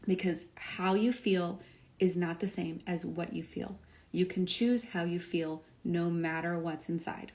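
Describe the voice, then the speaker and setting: A woman's voice: fairly low pitch, a little slow, a little mellow. A young adult woman, a doctor and wellness coach, talking casually on a livestream, upbeat and emphatic with lots of "like" and "um". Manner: upbeat and emphatic, filler-heavy with frequent "like" and "um". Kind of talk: casual motivational talk on a livestream.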